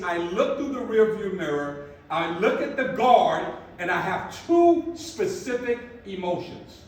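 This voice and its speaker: A man's voice: high voice, big pitch swings, a little slow. A man in his fifties giving a motivational talk, emphatic and repeating his points, often asking "right?". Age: 50s. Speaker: motivational speaker. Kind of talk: motivational talk to a live audience. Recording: echoey room from far off, faint background ambience.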